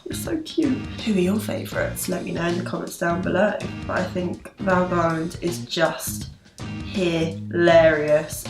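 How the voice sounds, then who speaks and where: Chatty, self-deprecating English woman, casual makeup talk, echoey room with music playing. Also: fairly low pitch. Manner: chatty and self-deprecating, laughing at her own mistakes. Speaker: beauty vlogger. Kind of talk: casual makeup tutorial chat. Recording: roomy echo with background music.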